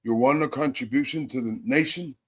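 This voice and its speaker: A man's voice: mid-range voice, quick pace, husky. A man hosting a religious talk show, effusive and repeating his words of praise. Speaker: show host.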